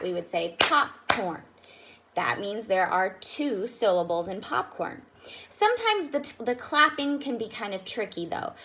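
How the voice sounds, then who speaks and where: A woman teaching young children, patient and sounding out words slowly. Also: medium pitch, a bit bright. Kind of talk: children's lesson.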